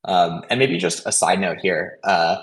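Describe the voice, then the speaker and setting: A man giving a casual update on a community voice call, talking quickly with lots of fillers and restarts. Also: deep voice, rough recording. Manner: hesitant, many fillers and restarts; fast, caffeinated talk. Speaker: protocol contributor hosting a community call.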